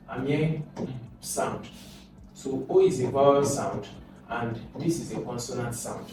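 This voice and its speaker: A man's voice: medium pitch, measured pace. Tutor guy explaining exam english, voice far off the mic, lots of hiss. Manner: explains step by step, repeats words, asks questions aloud. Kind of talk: recorded lesson. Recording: very echoey room, distant mic, noisy.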